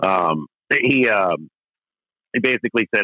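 Middle-aged male musician guest, candid and rambling, low-ish bright tense voice, dry close recording. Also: moderate pace, pauses often, no room sound, poor audio. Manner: rambling, many restarts and fillers, candid and profane. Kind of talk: casual storytelling interview.

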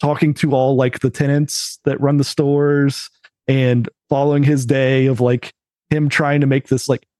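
A man's voice: medium pitch, flat delivery, a little slow, a little mellow, dry recording. A man co-hosting a podcast, chatting casually and rambling with many fillers. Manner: rambling, heavy use of "like" and "uh". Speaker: podcast co-host. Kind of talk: casual chat.

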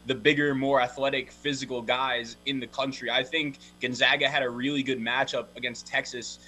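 A man giving college basketball analysis on a podcast in a steady, informative manner. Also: medium pitch, moderate pace, slight background noise, poor audio. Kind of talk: sports analysis.

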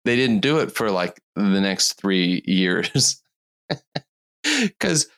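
Giggly, slow-talking, tired podcast host. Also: sits low, big pitch swings, fairly bright tone. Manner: giggly, rambling storyteller. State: tired from lack of sleep. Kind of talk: casual podcast chat.

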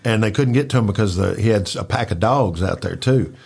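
A man's voice: on the low side, fairly quick, gravelly, husky. Rambling man telling stories. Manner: rambling, animated, acts out quotes with filler words. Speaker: storyteller recalling work at a club. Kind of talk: casual storytelling chat.

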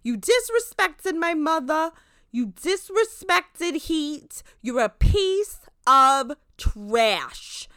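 A woman's voice: high-pitched, big pitch swings, drawn-out words, fairly bright tone, dry recording, clean studio sound, voice pushed up, exaggerated voice. A woman voicing a combative middle-aged New York mother in a threatening, tough manner, with a New York accent. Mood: indignant.

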